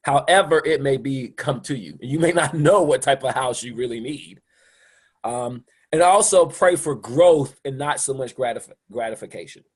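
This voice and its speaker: A man's voice: mid-range voice, moderate pace, husky. A man giving an informal recorded spiritual lesson as a mentor, talking conversationally and often checking in with his listeners. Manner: conversational, checks in with "okay?", laughs lightly. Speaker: spiritual mentor teaching a course.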